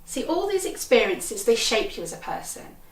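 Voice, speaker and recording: Brief: a wry, deadpan woman storyteller with a fairly high voice, in an echoey room, mic set back. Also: normal speed, distant mic. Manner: deadpan, wry, punchy delivery. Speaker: comedian storyteller. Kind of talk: comic storytelling performance.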